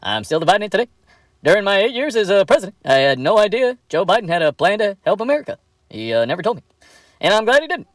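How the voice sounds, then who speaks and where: A man doing a smug halting ex-president parody. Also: sits high, very animated, no room sound. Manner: halting, drawling with many uh pauses. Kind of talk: comedy sketch impression.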